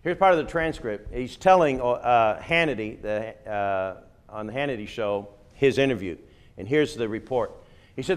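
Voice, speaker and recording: A man's voice: medium pitch, expressive, normal speed, clean tone. Emphatic middle-aged male lecturer. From United Kingdom. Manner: emphatic, with frequent "okay?" asides. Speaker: former missionary giving a talk. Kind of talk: conversational lecture on religion.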